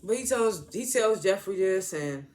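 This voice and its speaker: A man's voice: high-pitched, animated, a little slow. A man casually recapping a TV episode in a rambling, slangy way, full of "like" and restarts. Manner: rambling, heavy use of "like", restarts; slangy, informal grammar. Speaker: TV episode reviewer.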